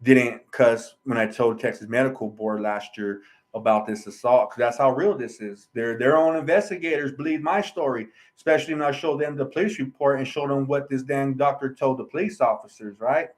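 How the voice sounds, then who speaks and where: A man's voice: mid-range voice, a little fast, low-quality recording. A man telling his own story in a casual vlog, rambling and earnest, often tagging lines with "right?" and "you know". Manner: earnest, aggrieved.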